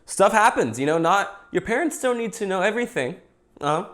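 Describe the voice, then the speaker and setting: A man's voice: high voice, animated, a little fast, fairly bright tone. Rambling Canadian guy eating on stream. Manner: rambling, joking, eating while talking. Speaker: podcast host. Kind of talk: casual livestream chat.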